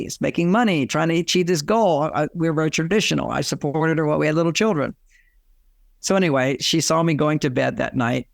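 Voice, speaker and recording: An older man, a relationship author, giving advice in an interview and telling lively anecdotes with both sides acted out. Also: a little high, vocal fry, dry recording, studio quality. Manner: animated storyteller, acts out both sides of his anecdotes. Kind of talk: storytelling interview talk.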